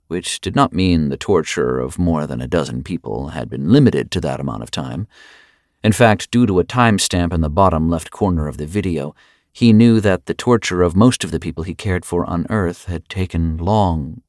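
Deep-voiced male audiobook narrator. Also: no echo, studio quality. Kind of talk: scripted narration.

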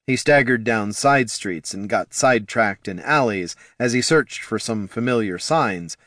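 A man narrating a fantasy audiobook in a lively, expressive storytelling manner. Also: on the low side, no echo, clean studio sound.

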